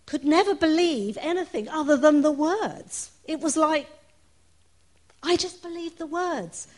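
Woman preacher, unhurried sermon delivery, earnest personal tone. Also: high-pitched. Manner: earnest, personal, with soft laughs.

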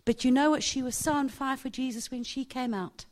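A woman's voice: high-pitched, brisk. A woman preaching a sermon, telling a personal story animatedly and laughing often.

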